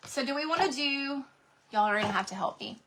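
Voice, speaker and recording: Woman, craft livestream host, slightly high and bright voice, bubbly and chatty with her viewers. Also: expressive, a little fast. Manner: bubbly, gushing, chatty, talks to viewers in the chat. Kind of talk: casual craft livestream chat.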